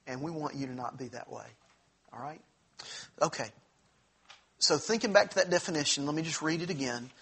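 A man's voice: on the high side, fairly quick, long pauses, a bit bright, slightly rough. A man teaching a church Bible class in an earnest, conversational way, with asides and restarts.

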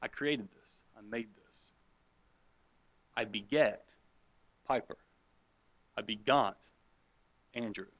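A middle-aged man, a pastor teaching a class, asks the room questions and responds to their answers during a conversational, interactive sermon. He speaks slowly in a lowish voice with long pauses, and the recording is dry and dull.

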